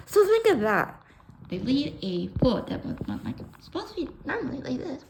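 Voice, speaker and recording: A woman telling an emotional personal story bluntly, swearing and acting out the dialogue with sudden loud outbursts. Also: high voice, very animated, normal speed, noisy background. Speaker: storyteller sharing her life.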